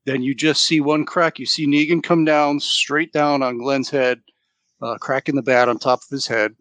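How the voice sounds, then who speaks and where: A man co-hosting a casual podcast chat, retelling a story with lively quoted lines and laughter. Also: mid-range voice, normal speed, dry recording. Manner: animated retelling, quoting characters with laughs. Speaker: podcast co-host.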